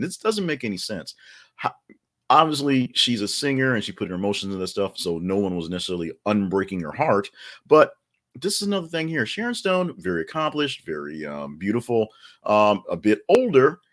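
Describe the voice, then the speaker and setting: A man's voice: on the low side, sing-song, fairly quick, fairly bright tone. A man hosting a daily news podcast, giving casual commentary with many fillers and joking asides.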